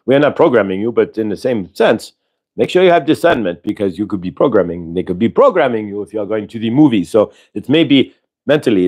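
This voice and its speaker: A man's voice: medium pitch, a little mellow. A man hosting a spiritual livestream, speaking as a channeled collective "we" in a rambling, repetitive way and acting out everyday dialogue in quoted voices.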